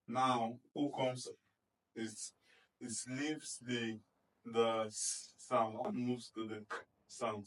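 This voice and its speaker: A man's voice: mid-range voice, fairly even intonation, slow pace, pauses often, distant mic, rough recording. A male reading teacher giving a phonics lesson, sounding out letter blends and praising often, checking in with "okay?" and "do you understand?".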